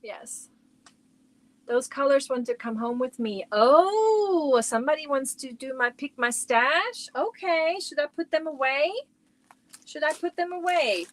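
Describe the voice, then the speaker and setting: Woman, higher voice, unhurried, chatty livestream host reading viewer comments. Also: expressive, no room sound, low-quality recording. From Germany. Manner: chatty, reacts to viewer comments while showing yarn. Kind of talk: casual livestream chat. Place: at home.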